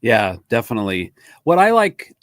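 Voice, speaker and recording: A man's voice: mid-range voice, wildly swooping pitch, normal speed, no echo, studio quality. A man hosting a podcast as a drummer, chatting casually and enthusiastically with a guest and laughing easily. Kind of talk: casual interview chat.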